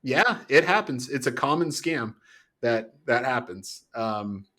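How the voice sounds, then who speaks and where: A middle-aged man and former grocery store manager, telling work stories on a podcast in a casual, animated way and laughing often. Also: medium pitch, takes it slowly. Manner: animated, laughs often, acts out the quoted people. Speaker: podcast guest. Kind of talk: casual storytelling.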